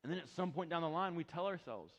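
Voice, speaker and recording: A man's voice: lively intonation, quick pace. Pastor man preaching in a reverberant hall. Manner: swings between loud emphatic peaks and quiet low asides. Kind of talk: sermon.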